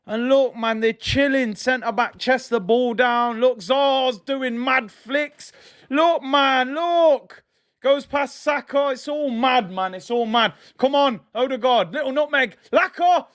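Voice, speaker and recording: A young man with a strikingly high-pitched voice hosts a live watch-along of a football match. He is excitable and emotional, and often tips into exasperated shouting. The sound is dry and close, with no room echo. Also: unhurried, hardly any pauses. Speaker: fan stream host.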